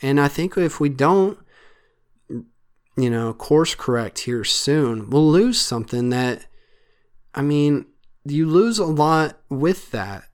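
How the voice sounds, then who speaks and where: A man's voice: fairly high pitch, lively intonation, slow pace, long pauses, clear, resonant tone. A man hosting a solo podcast, talking in an earnest, rambling way with many fillers. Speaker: podcast host.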